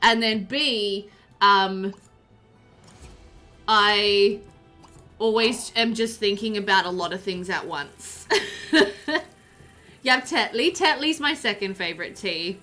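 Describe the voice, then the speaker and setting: Bright, chatty woman streaming a game. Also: medium pitch, takes it slowly, long pauses, soft background music. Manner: chatty, rambling, laughs often. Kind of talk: live gameplay commentary and chat reading.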